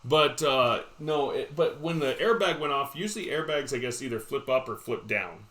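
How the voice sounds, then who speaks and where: A man's voice: medium pitch, moderate pace, fairly bright tone. A man telling a story in a casual chat show, rambling, with lots of fillers like "like" and "uh".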